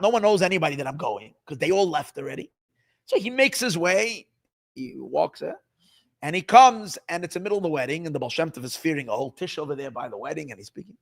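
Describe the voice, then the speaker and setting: Animated high-voiced rabbi telling stories. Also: male voice. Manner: animated storyteller acting out dialogue, many repeated words. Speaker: rabbi teaching Hasidic stories. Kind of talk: storytelling class.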